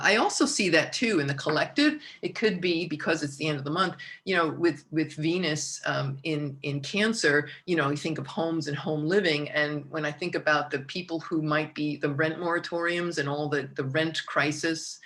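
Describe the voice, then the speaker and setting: A woman's voice: sits low, moderate pace, hardly any pauses, fairly bright tone. A middle-aged woman hosting a casual astrology talk, chatty and rambling, with many fillers and restarts, at times close to tears. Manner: emotional, near tears when speaking of her mother. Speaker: astrologer host.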